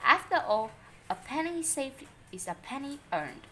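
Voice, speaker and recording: Storybook tattletale: woman doing a whiny, prim little boy, high and piercing. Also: very animated, unhurried, a bit bright, a little hiss or hum, full character voice. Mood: smug. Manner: shrieks and tattles.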